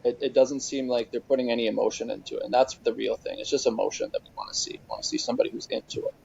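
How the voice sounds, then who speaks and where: A man in a band chatting casually in an interview, animated and self-mocking. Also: mid-range voice, rapid-fire, vocal fry, breathy edge, highs cut off. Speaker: band member.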